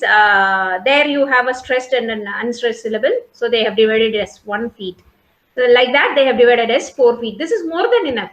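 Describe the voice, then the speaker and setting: High-voiced woman lecturing online. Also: a bit bright, echoey room, low-quality recording. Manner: explains patiently, repeats points, asks "okay?" and "got it?" often. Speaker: college English lecturer. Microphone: video call.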